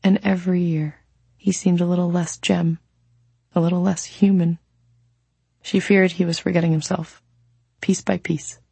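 A woman narrating a novel as an audiobook in a calm, reflective way. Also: on the low side, moderate pace, vocal fry, long pauses, breathy edge, dry recording. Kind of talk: scripted narration.

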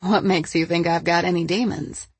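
A woman's voice: lowish voice, fairly even intonation, moderate pace, breathy edge, no room sound. A woman reading a storybook, voicing a feisty, defensive young woman who speaks with a spirited manner.

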